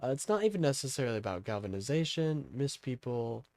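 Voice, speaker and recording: A man's voice: medium pitch, very animated, quick pace, a little mellow, no room sound, clean studio sound. A young man from Kansas hosting a casual political livestream, rambling with lots of fillers as he talks to his chat. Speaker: livestream host.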